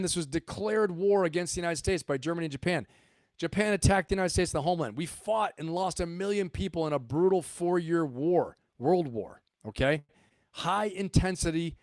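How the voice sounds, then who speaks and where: A middle-aged man who retired as a Marine officer runs his channel with casual, insistent commentary, circling back on points and asking rhetorical questions. His voice is a little high, in studio quality with no room sound.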